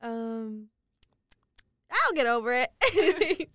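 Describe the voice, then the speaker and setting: Animated, giggly young woman. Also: on the high side, takes it slowly, no echo, clean studio sound. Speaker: podcast co-host. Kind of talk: casual chat.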